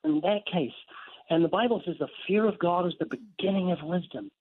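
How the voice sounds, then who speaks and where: A man speaks as a guest author, preaching with earnest conviction and painting vivid scenes. His voice sits a little high. It comes through a thin, tinny phone line. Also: expressive, fairly quick. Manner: earnest, vivid storytelling with scripture quotes. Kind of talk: evangelistic preaching in an interview.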